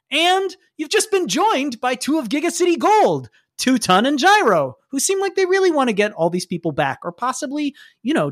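A man's voice: very high-pitched, no echo, clean studio sound. A man running a superhero tabletop game as game master, narrating in a loose, chatty way with frequent laughs.

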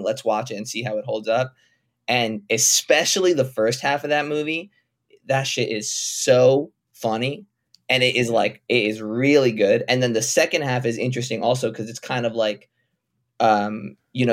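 Fast, filler-heavy male comedian guest. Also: on the low side. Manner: talks fast with many fillers, laid-back. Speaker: comedian and film director, guest. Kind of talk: casual interview.

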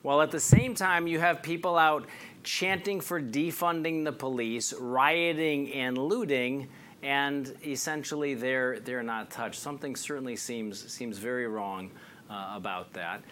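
A man's voice: medium pitch, a little slow, fairly bright tone, a little hiss or hum. A man hosting an interview show, introducing a guest and asking questions with emphatic, indignant delivery. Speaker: show host.

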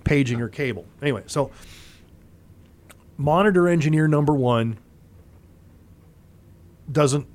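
A man, a former concert monitor engineer, telling stories in a relaxed interview and acting out other people's lines as he goes. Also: a little high, unhurried, pauses often. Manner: animated raconteur, acts out other people's lines. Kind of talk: casual storytelling in an interview.

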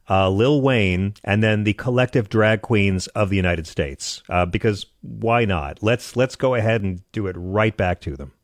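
Man, sarcastic, incredulous, political chat, dry sound with no room echo. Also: lowish voice. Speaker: political commentator.

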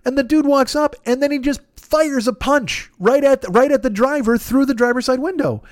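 A man hosting a podcast, telling a comedic story in a profane, animated way and acting out both sides of the dialogue. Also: very high voice, normal speed, no echo, studio quality. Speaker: podcast host.

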